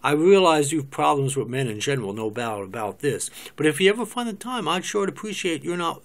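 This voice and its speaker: A man's voice: a little high, very animated, a little fast. A sheltered, awkward philosopher who speaks in a flustered, self-doubting way, read by a man. It is a cold reading in the reader's own natural voice. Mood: confessional.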